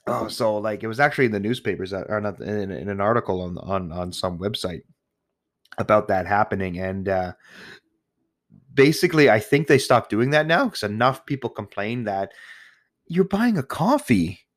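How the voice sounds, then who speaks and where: A man's voice: lowish voice, animated, moderate pace. Profane, exasperated podcast man ranting. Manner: profane, exasperated, rambling with restarts. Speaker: podcast host. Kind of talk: casual ranting monologue.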